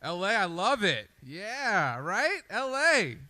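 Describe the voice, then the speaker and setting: A man's voice: high voice, sing-song, slow pace, pushed and bright, no room sound. A man doing a loose, conversational stand-up comedy set with swearing and asides, on a comedy club stage into a handheld mic. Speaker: stand-up comic.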